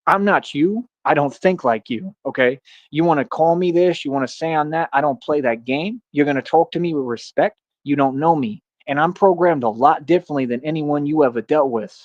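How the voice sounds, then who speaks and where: A man's voice: on the high side, brisk, no echo. A man streaming an unscripted monologue to his viewers, confrontational and insistent, often tossing in "bro" and "you feel me". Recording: dull, dry lo-fi stream audio.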